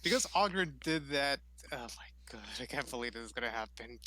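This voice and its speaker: Bright-voiced man running a tabletop game. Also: medium pitch, expressive, a little fast. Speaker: game master.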